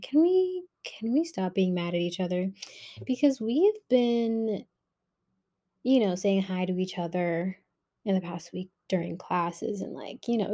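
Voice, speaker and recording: A woman's voice: medium pitch, mellow. A young woman hosting her own podcast, rambling candidly in an agitated, heated way about her week. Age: young adult. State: agitated and shaken. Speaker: podcast host. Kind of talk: casual rambling monologue.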